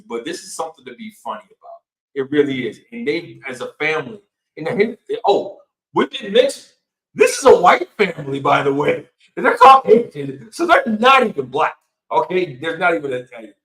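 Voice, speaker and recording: A man co-hosting a casual podcast chat, telling a story with lots of laughter and a lively delivery. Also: a little high, reverberant, rough recording. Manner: animated storytelling with frequent laughter. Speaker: podcast co-host.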